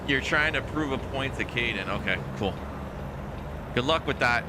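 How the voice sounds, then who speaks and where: A man's voice: mid-range voice, lively intonation, normal speed, very noisy. A man chatting casually during a live game stream, teasing and talking to viewers and people off-mic. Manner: chatty, teasing, talks to chat and off-mic family.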